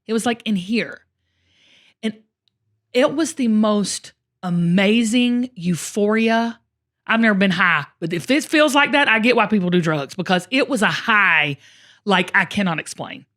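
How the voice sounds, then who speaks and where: A woman host telling a personal story in casual conversation, emotional and expressive, often speaking straight to her listeners. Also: mid-range voice, unhurried. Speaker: show host.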